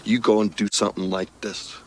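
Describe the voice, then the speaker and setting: An actor playing an exasperated man scolding a friend, slow and sarcastic, in a clip from a film. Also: fairly low pitch, little pitch movement, darkish tone. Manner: drawn-out, sarcastic.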